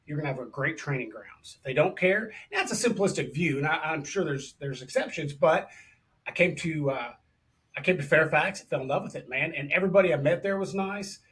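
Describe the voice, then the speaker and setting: A man's voice: a little high, lively intonation, brisk, a bit bright. A man hosting an interview podcast, chatty and enthusiastic, talking casually to his guest and calling him brother. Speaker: podcast host.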